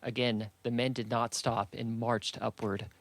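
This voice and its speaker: A man narrating a fantasy audiobook in a steady, measured storytelling manner. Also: medium pitch, no room sound.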